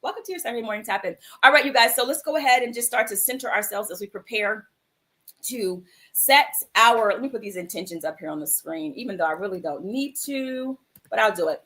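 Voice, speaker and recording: Brisk and animated, a woman with a slightly high, fairly bright voice runs a livestream mindfulness show. Her casual chat with viewers is affectionate and encouraging, and she calls them "my love" and "sis."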